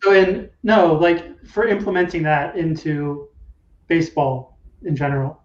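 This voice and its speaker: A man with a high-pitched voice explains his points step by step in casual podcast chat. He sounds distant from the mic, in a roomy space, and the audio is dull and muffled. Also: fairly even intonation. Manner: measured, explains things step by step.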